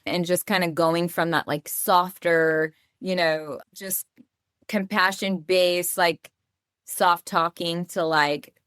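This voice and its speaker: A woman's voice: fairly low pitch, fairly even intonation, slow pace, a bit bright, smooth, no room sound, clean studio sound. A woman speaking as a podcast guest, chatty and casual, with lots of "like" fillers. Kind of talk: casual interview chat.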